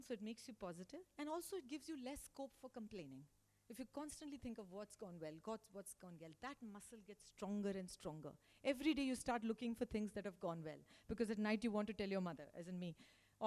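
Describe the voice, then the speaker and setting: A woman giving an emphatic motivational talk to school staff as a guest speaker. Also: a little high. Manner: emphatic, acts out quotes in lively voices. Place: school hall. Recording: long hall reverb.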